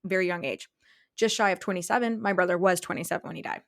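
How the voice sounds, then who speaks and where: A woman hosting a podcast, talking in a warm, supportive, chatty way. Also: fairly low pitch, fast, gravelly, dry recording, studio quality. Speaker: podcast host. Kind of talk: casual conversational podcast.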